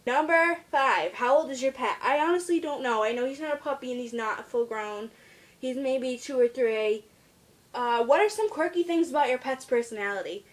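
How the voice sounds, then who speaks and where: Teen girl vlogger, casual and rambling, slightly high pitch, home camera mic. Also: normal speed. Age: teens. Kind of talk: casual vlog about her pet.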